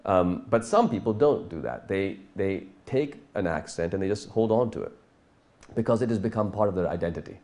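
A man's voice: sits low, animated, fairly quick, a little mellow. A man from Pakistan, an author giving a talk to an audience and taking questions, who explains thoughtfully at length with many restarts.

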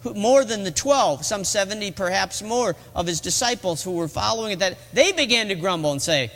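Middle-aged guy preaching, pretty high voice, big echoey church hall. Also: expressive, a little fast, few pauses, fairly bright tone. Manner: earnest storytelling, rising to emphatic peaks. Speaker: pastor. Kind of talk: sermon. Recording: long reverb of a large hall.

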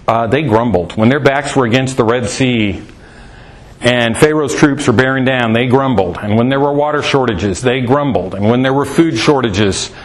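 A man giving a conversational Bible teaching, animated, asking rhetorical questions and swinging his voice up for emphasis, with folksy asides. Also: medium pitch, moderate pace. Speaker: preacher.

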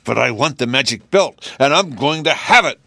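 A man voicing a furious, tantrum-prone gnome king who shouts his lines. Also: animated, normal speed, creaky, no echo, studio quality, full character voice. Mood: raging. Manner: shrill and shouting.

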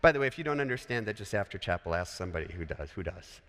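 A man's voice: on the low side, lively intonation, very fast, fairly bright tone. A man from Colorado preaching a sermon in a chapel, conversational and full of joking asides. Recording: echoey hall.

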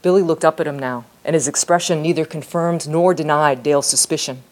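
A woman author reading her novel aloud in a steady, measured storytelling voice. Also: deep voice.

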